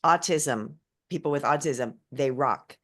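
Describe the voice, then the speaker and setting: A woman hosting a spiritual conversation, talking in a slow, musing and affectionate way. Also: a bass voice, slightly rough. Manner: slow, musing and affectionate, calls people baby. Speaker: host.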